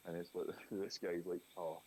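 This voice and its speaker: A very low-voiced man with a Scottish accent chats loosely on a live stream, looping through stories full of fillers and restarts. A faint hiss sits under the voice. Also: normal speed, darkish tone, low-quality recording. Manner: rambling anecdotes with lots of fillers and laughs. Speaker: co-host of a live drawing stream. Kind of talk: casual chat.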